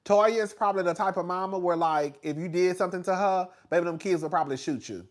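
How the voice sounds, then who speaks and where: High-voiced guy gossiping about reality tv, lots of "like" and "girl", laughing, gets loud when hyped. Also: fast talker. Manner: animated, gossipy, filler-heavy, laughs often, swings loud and high when excited. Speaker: reality TV commentator. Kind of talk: casual reality TV recap.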